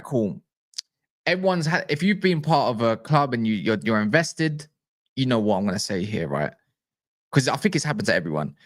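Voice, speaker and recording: A man chats casually to camera as a football channel host. He rambles, restarts his thoughts and keeps throwing out exasperated rhetorical questions. His voice sits at an ordinary middle pitch. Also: fairly bright tone.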